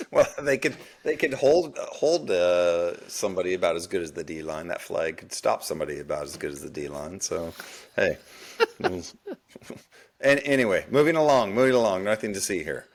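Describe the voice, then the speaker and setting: Giggly Australian man on a call, low voice. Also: animated, moderate pace, a little hiss or hum. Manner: self-mocking, giggly, stumbles over restarts. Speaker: podcast co-host. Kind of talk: casual sports chat.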